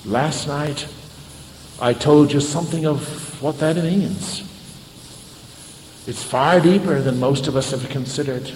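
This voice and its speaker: A man preaching a sermon, telling a story dramatically and moving from loud passages to hushed ones. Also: medium pitch, a little hiss or hum. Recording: echoey hall with faint ambience.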